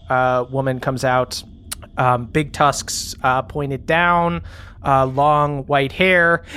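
A man's voice: fairly high pitch, a bit bright, clean tone. A man running a tabletop game as game master, narrating loosely with many fillers.

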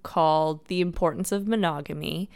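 A woman's voice: low voice, steady tone, moderate pace, gravelly, darkish tone, clear, resonant tone. A woman from Canada co-hosting a podcast, telling a history story in casual chat and laughing often. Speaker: podcast co-host.

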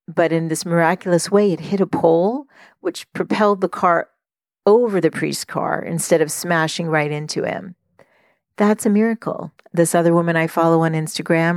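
A middle-aged woman hosting a podcast, telling a personal story in an earnest, reflective way, with many pauses and fillers. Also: deep voice, no room sound, clean studio sound. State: tearful while telling a story. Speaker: podcast host and life coach.

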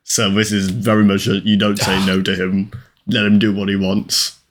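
A man's voice: fairly low pitch, completely flat delivery, normal speed, slight background noise. A man co-hosting a casual film-review podcast, chatting in an easygoing, agreeable way. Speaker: podcast co-host.

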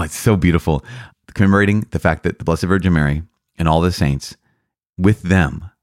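A man's voice: low-pitched, no echo, studio quality. A man, a priest hosting a podcast, giving earnest and enthusiastic commentary on the catechism, with frequent restarts and repeated words.

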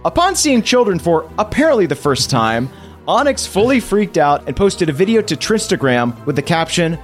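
A man game master, hosting and narrating a tabletop game recap in a playful, animated storytelling way. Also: sits high, moderate pace, soft background music.

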